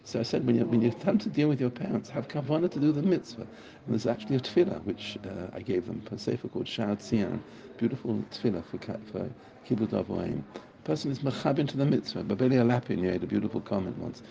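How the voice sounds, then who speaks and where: A man's voice: medium pitch, fast, vocal fry, few pauses, warm tone, slight background noise. A man teaching a Torah class in a casual, enthusiastic way, repeating phrases for emphasis. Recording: muffled recording with a crowd audible.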